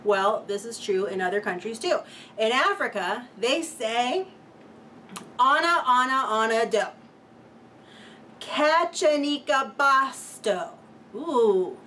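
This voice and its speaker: A woman's voice: medium pitch, animated, unhurried, fairly bright tone, a little hiss or hum. A woman teaching a children's music lesson, playful and cheerful, chanting rhymes for young listeners.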